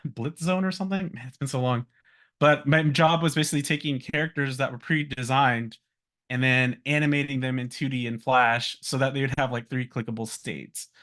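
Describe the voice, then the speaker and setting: A man in his thirties talks loosely and casually at a middle pitch, stacking up fillers and restarts. He laughs lightly now and then, and his voice sits in an ordinary register. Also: a bit bright. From Virginia, US. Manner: rambling, many fillers and restarts, laughs while talking. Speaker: guest speaker, animator. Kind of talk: casual talk about career.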